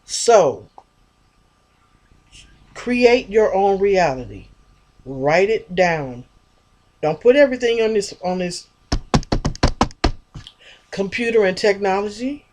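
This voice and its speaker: A woman's voice: mid-range voice, lively intonation, takes it slowly, long pauses, a little mellow. A woman vlogger talking in a rambling, chatty monologue about spiritual ideas, addressing her viewers directly.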